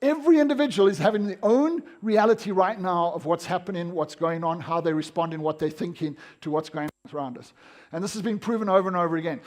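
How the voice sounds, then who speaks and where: A South African man giving an energetic, emphatic seminar talk to a live audience in an event room. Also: high-pitched. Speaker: motivational speaker.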